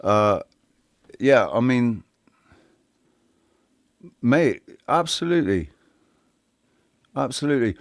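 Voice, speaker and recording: A man's voice: mid-range voice, expressive, takes it slowly, pauses often, no echo, studio quality. A man hosting a livestream panel in casual chat, rambling and restarting his sentences and swearing freely.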